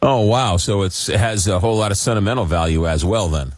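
Male talk radio host, relaxed and informal, dry studio sound. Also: on the low side, brisk, no echo. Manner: casual, stumbles over names. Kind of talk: radio interview.

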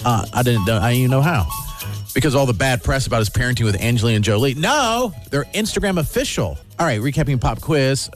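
Male co-host, casual and joking, animated delivery, faint music under. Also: mid-range voice, fairly quick. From American South. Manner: lively, laughing, joking. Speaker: podcast co-host. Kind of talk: casual chat.

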